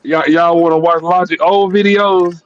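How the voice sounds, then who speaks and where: Casual high-voiced male host, rambling and profane, dull dry recording. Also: steady tone, normal speed, dry recording. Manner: rambling, repeats words, laughs often. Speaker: podcast host. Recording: dull lo-fi sound.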